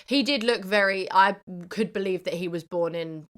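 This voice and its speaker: A young woman from the UK co-hosting a film podcast in casual chat, playful and quick to laugh. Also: mid-range voice, fairly bright tone. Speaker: podcast co-host.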